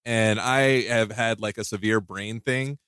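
A man's voice: lowish voice, steady tone, measured pace, fairly bright tone, clean tone, dry recording, studio quality. Rambling, laughing male podcast host. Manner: rambling, self-mocking, many restarts and laughs. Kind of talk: casual podcast chat.

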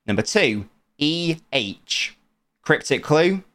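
A young man hosts a podcast quiz segment in a casual, playful way. His voice is smooth and clear at a middle pitch. He teases his co-host and laughs easily. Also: a bit bright. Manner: playful, teasing, quick to laugh.

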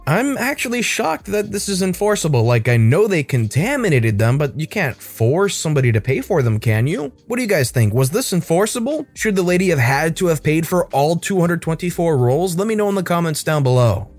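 Animated man narrating stories over soft music. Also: on the high side, a little fast, few pauses. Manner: expressive, animated storytelling. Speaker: story narrator. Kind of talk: reading online stories aloud.

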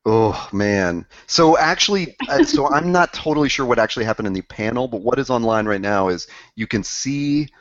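A man's voice: medium pitch, animated, no echo, lo-fi sound. A man co-hosting a casual pop-culture chat, rambling and restarting his sentences as he goes. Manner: rambling, halting, lots of restarts. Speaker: podcast co-host.

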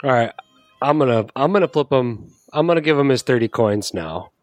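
A man playing a tabletop game, blunt and deadpan, with a lot of swearing. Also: mid-range voice, fairly quick, no room sound. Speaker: player. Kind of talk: casual tabletop game play.

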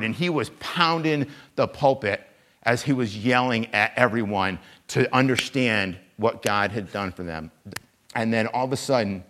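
A man delivering a Sunday sermon in an easygoing, animated way, often turning self-deprecating. His voice sits at a middle pitch. He swings from plain talk to sudden emphasis. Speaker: guest preacher.

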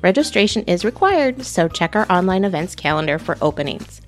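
Animated woman reading a picture book. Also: lowish voice, a little fast, soft background music. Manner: animated, theatrical, with playful shouts and whispers. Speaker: children's librarian reading aloud. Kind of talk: storytime read-aloud with character voices.

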